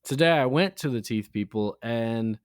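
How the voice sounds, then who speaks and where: Animated young man telling a story. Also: moderate pace, clear, resonant tone, no echo, studio quality. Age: 20s. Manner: animated storytelling, acts out quotes with raised pitch. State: in jaw pain. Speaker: podcast co-host. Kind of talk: casual chat.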